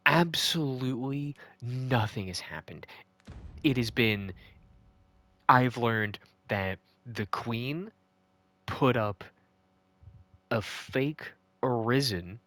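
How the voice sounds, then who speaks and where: A man's voice: medium pitch, a bit bright, no echo. A man recapping a video game, ranting and swearing in frustration. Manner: ranting, profane and exasperated. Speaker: gaming video host. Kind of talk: casual game recap commentary.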